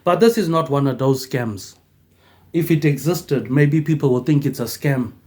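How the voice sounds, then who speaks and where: A man, giving a rambling monologue and tagging almost every phrase with "mate, eh", which he says more softly. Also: on the high side, normal speed. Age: 40s. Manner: tags nearly every phrase with "mate, eh", trailing off softer. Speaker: vlogger.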